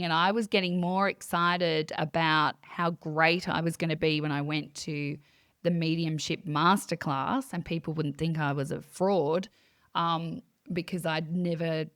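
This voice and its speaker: Animated woman telling a story, dry sound. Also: low voice, no echo. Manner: animated, acts out her own quoted thoughts; many fillers and restarts. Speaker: guest, psychic medium. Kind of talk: casual interview storytelling.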